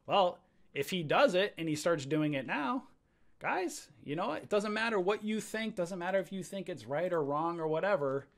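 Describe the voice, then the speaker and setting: A man with a somewhat high voice leads a live trading webinar, talking straight to his viewers. He rants with energy and throws in preacher-like calls for an amen. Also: lively intonation, normal speed, fairly bright tone. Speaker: trading educator. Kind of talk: livestream webinar on stock charts.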